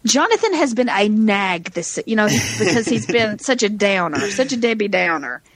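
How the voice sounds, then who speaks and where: A woman's voice: mid-range voice, very animated, moderate pace, a bit bright, no echo. A woman co-hosting a casual chat, chatty and enthusiastic. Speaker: podcast co-host.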